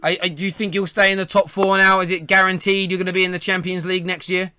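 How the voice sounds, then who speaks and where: A man's voice: high-pitched, level tone, fast, bright, forceful tone, clear, resonant tone. A man, hosting a live football phone-in, chatty and laughing often. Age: 30s. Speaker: phone-in host. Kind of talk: casual live show chat.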